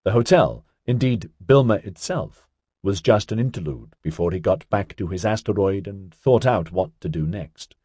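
Deep, husky man narrating a novel. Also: expressive, normal speed, mellow, no room sound, studio quality. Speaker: audiobook narrator. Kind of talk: scripted narration.

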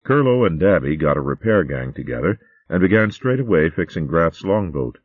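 Man, storybook narrator, very low voice, lively pitch, phone-like sound. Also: moderate pace, no room sound. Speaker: audiobook narrator. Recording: phone-like dry audio.

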